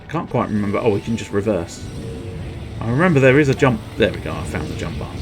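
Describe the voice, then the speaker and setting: A man chatting to himself while streaming a video game, in rambling, quiet, self-amused asides. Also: fairly low pitch, animated, fast, faint music behind. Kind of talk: casual game commentary.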